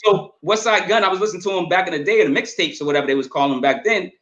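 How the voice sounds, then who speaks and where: A man co-hosting a podcast, chatting casually and quickly, often repeating words and asking "you know what I'm saying". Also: high-pitched, fairly bright tone, dull audio. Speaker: podcast co-host reviewing albums. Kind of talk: casual chat. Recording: echoey room.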